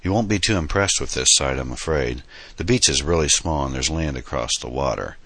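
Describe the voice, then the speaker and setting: A young woman with a dry, teasing way of talking, voiced plainly by a man in an audiobook. His voice is extremely deep but bright and forceful. It sits close in a dead, dry space. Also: fairly quick, no room sound, exaggerated voice.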